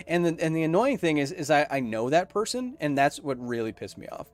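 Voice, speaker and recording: A man's voice: a little high, expressive, brisk, faint music behind. A young man hosting a casual livestream podcast, reading chat messages aloud in a rambling, caffeinated way. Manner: rambling, self-described super caffeinated.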